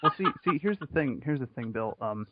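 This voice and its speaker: A man with a Southern US accent chatting casually on a podcast, halting and stammering a little, over muffled call audio. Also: medium pitch, expressive, heavy background noise. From American South. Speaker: podcast co-host.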